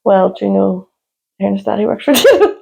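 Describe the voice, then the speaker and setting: A woman, co-hosting a casual chat podcast and often breaking into loud, high laughter. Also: very animated, fairly quick, vocal fry, husky. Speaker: podcast co-host.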